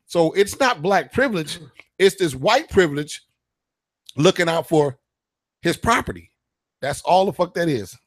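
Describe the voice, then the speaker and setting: A man's voice: a little high, lively intonation, unhurried, pauses often, no room sound. A man hosting a radio show, ranting in a heated, profane, emphatic way in casual talk. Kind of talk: casual political rant.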